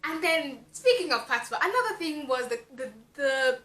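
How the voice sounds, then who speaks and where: A woman's voice: high-pitched, animated, normal speed, bright, forceful tone. A woman from Jamaica with a Jamaican accent, giving a frank, exasperated casual book review with lots of fillers. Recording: echoey room.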